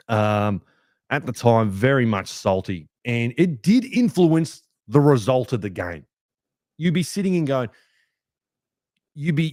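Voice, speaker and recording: Australian man, young adult, heated sweary podcast rant, swooping pitch, dry close sound. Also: no room sound. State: hungover, rough voice. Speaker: podcast host. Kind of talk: fan podcast match review.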